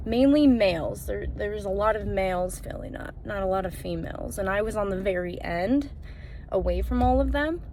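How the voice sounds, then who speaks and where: A woman's voice: mid-range voice, normal speed, a little mellow, a little hiss or hum. A woman self-defense instructor casually telling a cautionary story to camera in an earnest, chatty way with many fillers.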